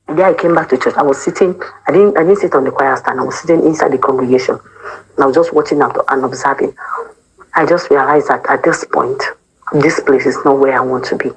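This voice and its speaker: A woman's voice: deep voice, a little hiss or hum, low-quality recording. A young woman from Cameroon, giving an emotional personal testimony about her time in a church choir, acting out what other people said and mixing pidgin words into her English. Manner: animated storyteller who acts out the quoted speech of others. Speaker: former church choir member.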